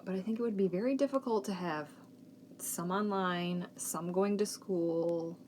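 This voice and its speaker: A woman in her thirties with a fairly low, darkish voice hosts a knitting podcast, speaking a little slowly. Her casual chat is frank and chatty, with some fretting about her kids' schooling, over faint background noise.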